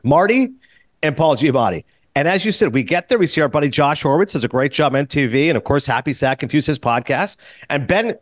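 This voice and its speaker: Fast, excitable male podcast host. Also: medium pitch, dry recording, studio quality. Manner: rapid, excitable, acts out quotes. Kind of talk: animated storytelling in casual chat.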